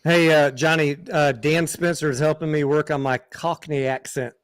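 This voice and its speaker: A man's voice: fairly high pitch, steady tone, moderate pace, clear, resonant tone, no echo, studio quality. Laid-back man hosting a live stream. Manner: laid-back, jokey, reads chat aloud. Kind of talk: casual live stream chat.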